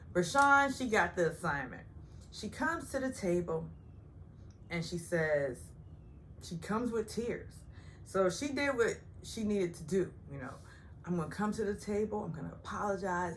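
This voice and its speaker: A woman recapping a reality TV episode in a chatty, sarcastic way, putting on high voices when she quotes the cast. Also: slight background noise. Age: older. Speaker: recap host. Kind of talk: casual TV recap vlog.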